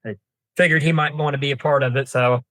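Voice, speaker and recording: Speaking at a quick clip, this young man from Kansas is a deer hunter appearing as a podcast guest. His medium-pitched voice stays steady yet comes across pushed and bright, captured in a dry recording. In a relaxed interview, he rambles through a lengthy hunting tale with plenty of fillers and false starts.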